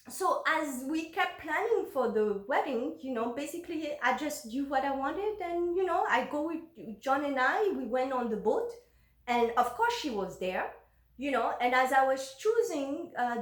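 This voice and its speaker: A woman's voice: high voice, expressive, unhurried, fairly bright tone, echoey room. A woman vlogger candidly recounting her own life story, frank and emotional, swearing openly.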